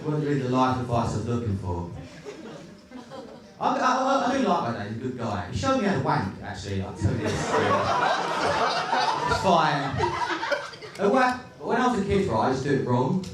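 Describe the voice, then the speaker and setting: Guy doing crude stand-up, rambly and sardonic, lively up-down voice, echoey room picked up from far back. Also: medium pitch, brisk, pauses often, a crowd in the background. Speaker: stand-up comedian. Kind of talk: stand-up comedy set. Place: comedy club stage. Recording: echoey club, recorded from afar, noisy.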